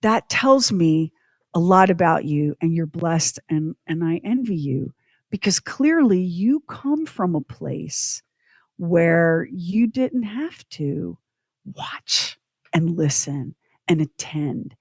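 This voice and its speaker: A middle-aged woman co-hosting a podcast tells a personal story, speaking openly about her past in an earnest, reflective way. Her lowish voice is expressive and slow, recorded cleanly in a studio with no room sound.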